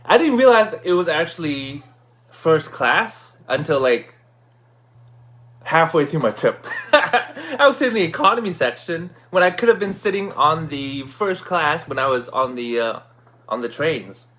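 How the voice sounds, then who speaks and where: A man casually telling a personal story, acting out his own excited shouts. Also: on the high side, measured pace, slight background noise. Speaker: vlogger.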